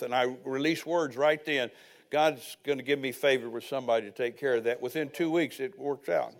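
A man's voice: mid-range voice, brisk. An older man preaching a sermon as pastor, telling personal stories with folksy asides.

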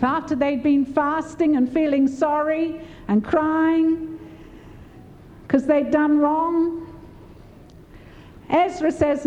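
Woman preacher, older, mellow tone, unhurried delivery, giving a sermon. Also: highs cut off. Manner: warm, laughing, encouraging, lively pitch swings.

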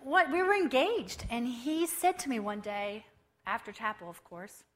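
A woman around fifty, a missionary giving a lively testimony at a church service and telling her story with acted-out dialogue. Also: a little high, unhurried. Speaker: missionary speaker.

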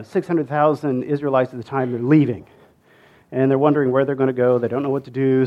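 A man's voice: fairly high pitch, highs cut off. A man retelling a Bible story in a casual, conversational way, with many fillers, restarts and asides to the listener.

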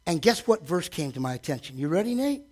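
A man preaching a sermon from a church stage, animated, asking the congregation direct questions and acting out quotes. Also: fairly high pitch, fast talker. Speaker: pastor.

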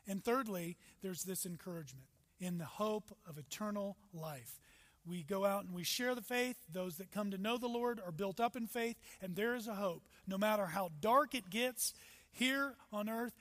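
Pastor guy preaching, high voice, big hall echo, punches words then goes quiet. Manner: emphatic preaching with sudden loud rises and soft drops. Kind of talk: sermon. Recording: long hall reverb.

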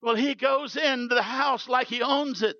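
A man from New Zealand with a New Zealand accent, preaching a sermon through animated storytelling. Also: very high voice, normal speed, muffled recording. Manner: animated, storytelling with acted quotes.

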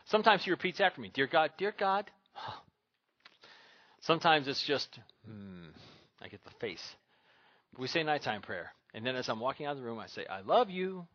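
A man's voice: medium pitch, lively intonation, moderate pace, pauses often, bright, forceful tone, no echo. Man, pastor, sermon, emphatic, repetitive, dull dry recording.

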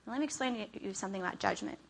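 A woman's voice: medium pitch, rapid-fire, creaky. A woman preaching a sermon in a conversational way, often checking in with "okay?" and acting out her own frustration.

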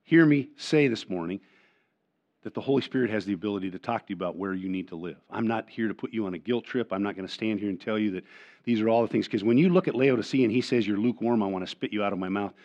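A man's voice: lowish voice, quick pace. Older male pastor, earnest sermon. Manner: earnest preaching with frequent repeated words and restarts; swings between loud emphatic lines and quiet asides. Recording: dull lo-fi sermon recording.

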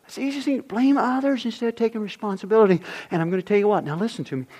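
A middle-aged man preaching a sermon as pastor, swinging from loud emphasis to near-whispers. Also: high voice, very fast.

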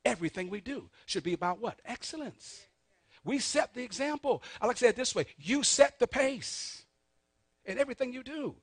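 A man preaching a sermon, calling on the congregation to answer back, swinging between soft asides and loud emphatic peaks. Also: very high-pitched, expressive, fast, no room sound. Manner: call-and-response preaching, urging the congregation. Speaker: pastor.

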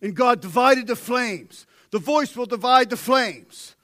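A middle-aged man preaching a sermon, swinging from shouted peaks down to hushed, almost whispered lines. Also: extremely high pitch, unhurried, dry recording.

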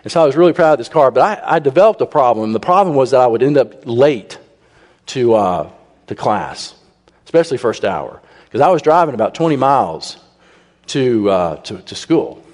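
A man telling a humorous personal story to a congregation, animated and acting out the people he quotes. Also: mid-range voice, normal speed. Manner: animated, raises his voice when he quotes people. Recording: long reverb in a large hall.

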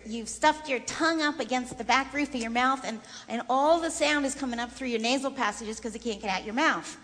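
A woman leading a voice workshop for singers in a chatty, lively way with frequent laughter. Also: sits high, moderate pace, few pauses. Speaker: vocal coach. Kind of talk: voice workshop lesson. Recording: long reverb in a large room.

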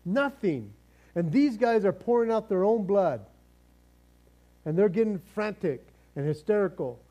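A male pastor delivering a sermon with a high, mellow voice. He talks in a loose, joking, conversational way, full of asides and restarts. His tone is relaxed rather than bright. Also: unhurried, muffled recording. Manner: casual, joking preacher, conversational asides and repeated starts.

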